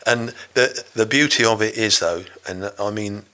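Older British ex-navy man, low voice with a bright edge, chatty and rambling as an interview guest. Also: normal speed. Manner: rambling, full of restarts and "you know". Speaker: interview guest, former navy rescue diver. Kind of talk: storytelling in a casual interview.

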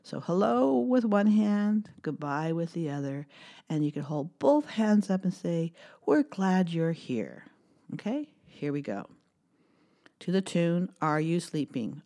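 Singing songs, reading a poem and cheering cheerfully, a middle-aged woman teaches young children in a gentle, sing-song way. Her voice is on the low side, very animated and slow-paced, and the audio sounds dull.

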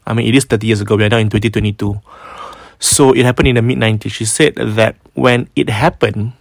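A podcast host with a Singaporean accent casually retells a ghost story, mixing in Malay phrases and often repeating words as he goes. His voice is lowish, steady and fast with vocal fry, captured in a dry, clean studio recording.

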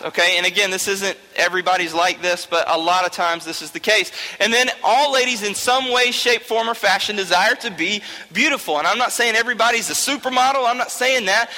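A young youth teacher speaks in a high-sitting, bright and forceful voice during an informal talk to a youth group. He keeps things jokey and chatty, frequently asking "okay?", and the sound bounces with a large hall's long reverb.

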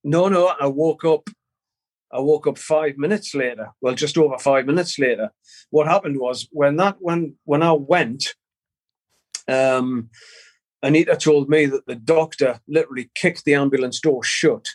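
A middle-aged man, a guest in an interview, telling a personal story in a halting way, repeating words and swearing casually. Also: a little high. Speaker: guest musician.

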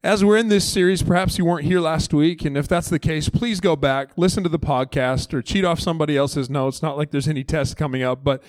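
A lead pastor in his thirties talks a little fast with hardly any pauses, his voice a little high, during a conversational sermon on a church stage. There's no echo, and he animatedly plays out the story's voices.

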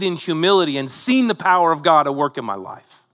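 A man's voice: on the high side, sing-song, a little fast, fairly bright tone, big-room sound. A man preaching a sermon, retelling a Bible story in a conversational way with rhetorical asides to the congregation. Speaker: pastor.

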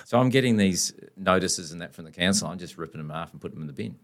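A man's voice: low-pitched, quick pace. An Australian man, a company founder, telling blunt, colloquial stories as a podcast guest. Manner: blunt, colloquial, animated anecdotes. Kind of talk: casual storytelling.

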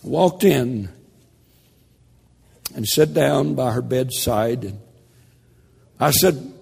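An older man preaching a sermon, telling a story in a slow, dramatic delivery that drops to a hush. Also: medium pitch, lively intonation, vocal fry, slightly rough, in a large hall.

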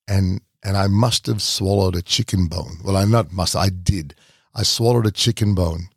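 Gravelly deep Australian man telling a story. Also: darkish tone, no room sound, studio quality. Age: middle-aged. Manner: halting, repeats words as he recalls. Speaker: podcast host. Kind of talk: personal storytelling.

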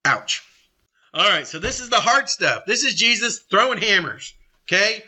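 Blunt, forceful male Bible teacher. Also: sits high, sing-song. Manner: blunt, confrontational preaching with quick asides. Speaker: Bible study leader.

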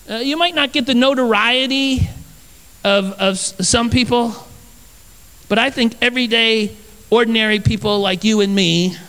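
A man preaching with a fairly high voice, earnest and lively as he tells personal stories and repeats his lines for emphasis. A long reverb trails his words, as in a large hall. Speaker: pastor. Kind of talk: sermon with personal storytelling.

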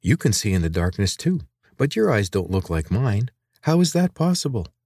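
A man voicing a sharp-tongued teenage girl inventor in a read-aloud story, blunt and sarcastic. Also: lowish voice, sing-song, normal speed, breathy edge, no room sound, clean studio sound, pitched above the performer's own voice, exaggerated voice. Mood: sarcastic, probing.

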